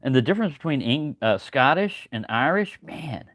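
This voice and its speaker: A man's voice: mid-range voice, very animated, moderate pace, a bit bright, dry recording. An older man rambling casually on a livestream, folksy and chatty, greeting viewers by name. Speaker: livestream host. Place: home, early morning.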